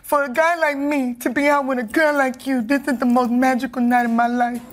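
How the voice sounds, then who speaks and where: A woman's voice: high voice, steady tone, fairly quick, close to an everyday voice. A woman voicing a smitten young man who earnestly declares his love on a date. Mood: tender. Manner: earnest, tender pleading.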